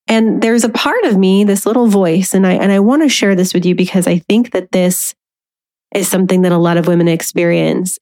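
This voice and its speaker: A woman podcast host in her thirties, talking on her own in a candid, conversational way. She speaks at an everyday middle pitch and sometimes acts out the little voice in her head with a light laugh. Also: darkish tone. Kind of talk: solo podcast talk.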